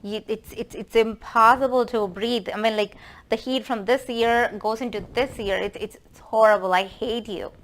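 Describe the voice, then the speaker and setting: A woman voicing a cranky old mother-in-law who rants in a shrill, exasperated way. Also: fairly even intonation, moderate pace, close to an everyday voice.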